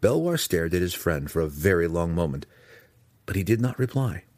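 A man narrating a fantasy novel as an audiobook, in a measured, expressive storytelling manner. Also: sits low, no echo.

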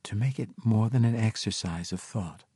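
A man voicing a grieving, resolute woman warrior-wizard in an audiobook, speaking softly and measured. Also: fairly low pitch, breathy edge, dry recording. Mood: solemn. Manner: soft, hushed, measured.

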